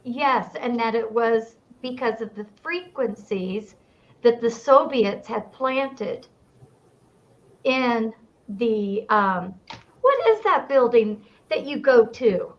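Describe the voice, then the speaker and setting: A woman's voice: fairly high pitch, lively intonation, slow pace, lo-fi sound. An older woman hosting an interview chat, hesitant and searching for words. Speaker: host.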